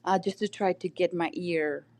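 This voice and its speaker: Low, gravelly Chilean woman guest. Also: fairly even intonation, moderate pace, a little mellow. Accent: Chilean Spanish. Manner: reflective, storytelling, many fillers. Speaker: podcast guest. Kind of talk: casual conversation.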